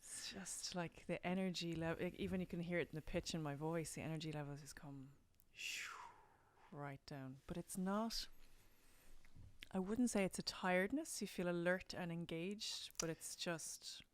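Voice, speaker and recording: An Irish woman hosts a relaxed interview. Her voice sits low and sounds smooth and resonant. She is openly effusive with thanks and praise for her guest. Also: normal speed. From Ireland. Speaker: podcast host, actor. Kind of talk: casual interview chat.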